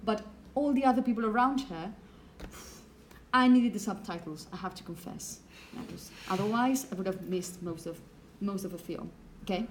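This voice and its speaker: A woman's voice: medium pitch, moderate pace, slight background noise. Woman lecturing a class. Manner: explanatory, checks in with "okay?" often.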